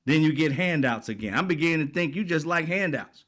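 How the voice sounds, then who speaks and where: A man's voice: on the high side, expressive, brisk, a bit bright. A man hosting political commentary, ranting in a blunt, profane, exasperated way.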